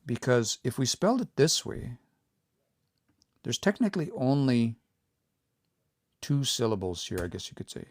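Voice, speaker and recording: A man giving a relaxed livestream language lesson, explaining patiently and thinking aloud as he reads out viewer comments. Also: medium pitch, moderate pace, long pauses, no room sound. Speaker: language teacher.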